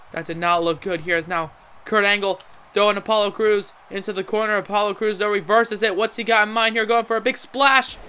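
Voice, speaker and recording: Young guy doing hype wrestling game commentary, high bright voice, yells when the big moves land. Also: clear, resonant tone. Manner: excited wrestling announcer voice with shouted exclamations. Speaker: let's-play commentator. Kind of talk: play-by-play commentary.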